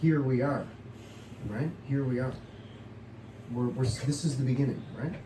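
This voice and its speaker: A man's voice: mid-range voice, normal speed, far from the mic. A man chatting casually as co-host, eager and full of questions. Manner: enthusiastic, asks lots of questions. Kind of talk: casual chat. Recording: roomy, off-mic with clear hiss.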